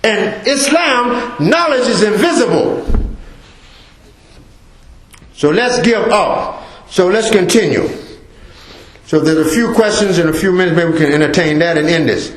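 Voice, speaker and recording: Middle-aged American male speaker, high tenor, emphatic repetitive mosque talk, echoey hall. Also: animated, moderate pace. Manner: emphatic, repetitive preaching with acted-out asides. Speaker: guest speaker.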